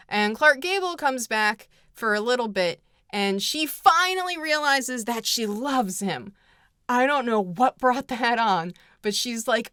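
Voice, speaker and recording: A woman's voice: fairly high pitch, lively intonation, unhurried, fairly bright tone, smooth, no echo, studio quality. Sarcastic woman rambling through a comedic recap. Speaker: vlogger. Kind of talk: comedic movie summary.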